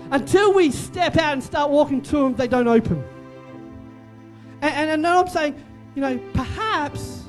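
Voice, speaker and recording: A man's voice: extremely high pitch, a little mellow. A man preaching a sermon as pastor, emphatic and repetitive, with joking asides.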